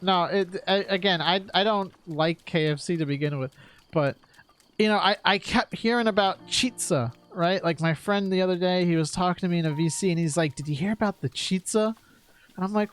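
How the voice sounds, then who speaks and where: A man's voice: sits high, fairly quick, fairly bright tone. A man from New York chatting casually while streaming, rambling with lots of "like" and "right?" and frequent laughs.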